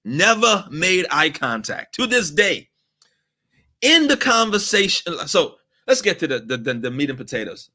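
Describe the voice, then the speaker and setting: A man's voice: high voice, bright, forceful tone. A middle-aged man who teaches customer service, telling a story in an exasperated, emphatic way with laughter. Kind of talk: animated storytelling lesson.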